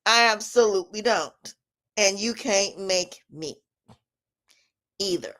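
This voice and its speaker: A woman's voice: mid-range voice, slow pace, a bit bright. A woman talking casually to camera as a vlogger and life coach, defiant and emphatic, repeating herself and laughing often.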